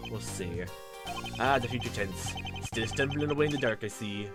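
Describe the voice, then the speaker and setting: A man's voice: medium pitch, lively intonation, normal speed, lightly acted. A smug, taunting older man who needles his questioners with folksy, old-fashioned phrasing, as a man voices him in a game playthrough. Game music plays underneath. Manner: sly, taunting, old-fashioned dialect words.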